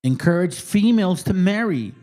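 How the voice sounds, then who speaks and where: Lively, combative male commentator. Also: high-pitched, normal speed, noisy background. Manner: profane, combative, addresses viewers as fam. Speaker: host. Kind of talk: reactive commentary on a video.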